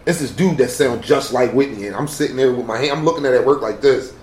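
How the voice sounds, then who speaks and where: Animated fast-talking man in an echoey room. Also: mid-range voice, a little hiss or hum. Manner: animated, profane, laughs often. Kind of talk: casual chat among friends.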